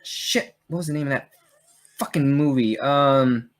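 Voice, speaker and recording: A man's voice: mid-range voice, measured pace. A man co-hosting a casual podcast chat, joking and cursing freely. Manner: profane, joking. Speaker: podcast co-host.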